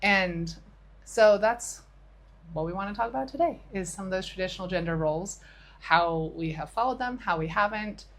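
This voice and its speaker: A woman's voice: mid-range voice, moderate pace. A middle-aged woman co-hosting a podcast, chatting and retelling a conversation with a friend, with a few restarts. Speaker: podcast co-host. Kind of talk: casual chat.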